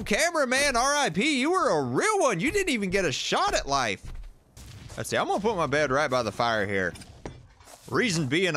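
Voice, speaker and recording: A man giving jokey, animated commentary while playing a survival game and talking to the creatures in it. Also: fairly high pitch. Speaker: gaming YouTuber. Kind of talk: playthrough commentary.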